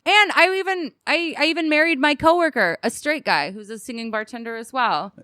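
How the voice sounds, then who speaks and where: A woman's voice: high voice, brisk, bright, forceful tone, dry recording, clean studio sound. A woman comedian, a podcast guest, telling blunt, profane stories and laughing often in casual chat.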